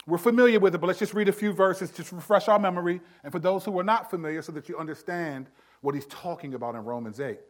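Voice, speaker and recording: A man with a notably high voice delivers a sermon as a pastor. He talks conversationally and often turns to his listeners with asides. He pushes hard on key words, then drops to a near-hush. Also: fast talker. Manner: emphatic, swings from loud to hushed.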